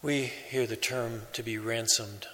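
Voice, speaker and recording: A man preaching a sermon as a priest, in a slow, measured way with pauses. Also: mid-range voice, steady tone, a bit bright, in a large hall, low-quality recording.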